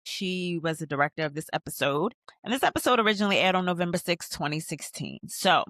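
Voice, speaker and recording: A woman hosting a podcast, recapping a TV episode in a chatty, animated way with slangy asides. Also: fairly low pitch, dry recording, clean studio sound. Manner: narrates scenes while pausing the show. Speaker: podcast host.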